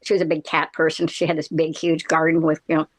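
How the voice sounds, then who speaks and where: A middle-aged woman chatting casually, her voice sitting a little low for a woman. She tells a story in loose, rambling sentences full of fillers, stops to laugh, and then picks the thread back up. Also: monotone, fast.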